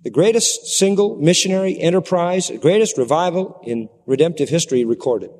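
A man preaching a sermon in a dramatic, animated way that plays up the story for his listeners. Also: on the high side, fairly quick. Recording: long hall reverb.

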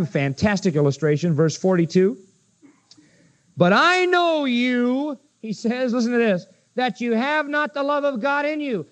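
A man preaching an expository sermon, emphatic, firing rhetorical questions at his listeners and slowing down to read scripture aloud. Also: high voice. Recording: dull lo-fi sermon recording.

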